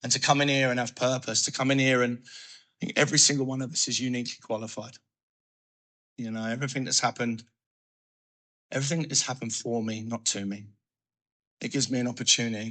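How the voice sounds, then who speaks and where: A man giving a personal recovery testimony, telling his story in an animated way and acting out his own thoughts. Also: mid-range voice. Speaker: recovery speaker.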